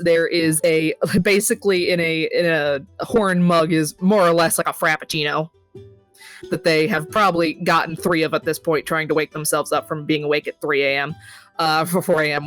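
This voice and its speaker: A woman with a lowish voice describes what her character does in a tabletop role-play, rambling through fillers. The delivery is casual and unhurried. Faint background music runs under her. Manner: rambling, full of fillers and laughs. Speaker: player.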